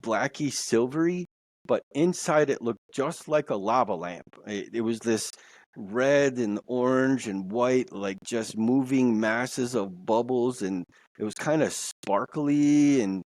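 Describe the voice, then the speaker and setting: A man's voice: mid-range voice, slow, darkish tone, dry recording. A man telling a personal story as a podcast guest, rambling and repeating words as he goes. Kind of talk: casual storytelling. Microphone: podcast mic.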